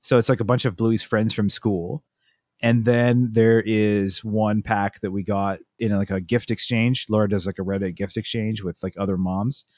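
Rambling dad telling stories. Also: male voice, on the low side, level tone, moderate pace, a little mellow, no room sound, studio quality. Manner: rambling storyteller, many restarts and asides. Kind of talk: casual chat.

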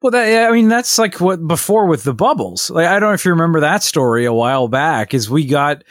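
Man in his thirties, podcast co-host, rambling, fairly high voice, dry close sound. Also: animated, fairly quick, no room sound. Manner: rambling storyteller, lots of fillers and laughs. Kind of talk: casual chat.

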